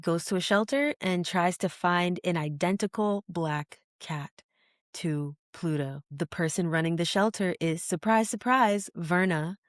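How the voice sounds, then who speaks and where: A woman co-hosting a podcast, chatting casually and retelling a story with lively quoted lines. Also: on the low side, a little slow, no echo, studio quality. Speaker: podcast co-host. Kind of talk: casual chat recapping a show.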